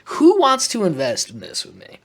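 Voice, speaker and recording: A man's voice: high voice, huge pitch swings, moderate pace, heavy background noise. Sarcastic rambling man vlogging. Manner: sarcastic, rambling, self-conscious asides. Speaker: YouTuber. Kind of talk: off-the-cuff vlog commentary.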